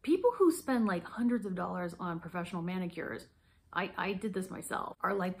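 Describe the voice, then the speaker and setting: Woman, 40s, casual vlog product review, rambling, self-deprecating, laughs often, mid-pitched voice. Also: moderate pace, creaky. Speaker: beauty vlogger.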